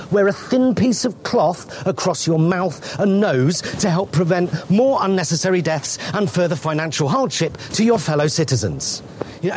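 A comedian playing an English reporter in a sweary rant. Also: male voice, high-pitched, a little hiss or hum. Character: furious male British TV news reporter ranting.

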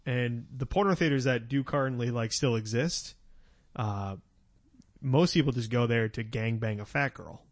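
A man's voice: medium pitch, moderate pace, dry recording. A man co-hosting a casual comedy podcast, joking, laughing often and slipping into silly voices. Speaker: podcast co-host.

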